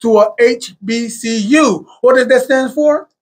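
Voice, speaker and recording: A man hosting a casual podcast discussion, talking in an animated, enthusiastic way with many fillers. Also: very high-pitched, measured pace. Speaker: podcast host.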